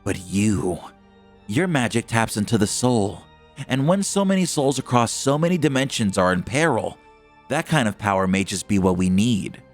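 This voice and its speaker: A man's voice: on the low side, expressive, normal speed, faint music behind. A man doing a solemn sorceress. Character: calm serious woman sorceress.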